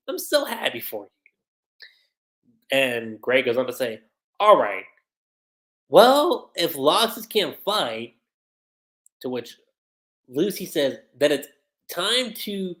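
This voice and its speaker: An anime reviewer giving a casual episode recap on a livestream, reading the characters' lines aloud between quick asides. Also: medium pitch, a bit bright.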